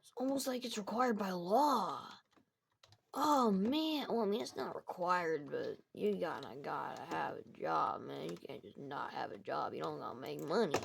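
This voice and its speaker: A woman's voice: lowish voice, expressive, normal speed, vocal fry, slight background noise. A woman rambling casually as she improvises a story over game footage. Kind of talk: improvised narration over gameplay.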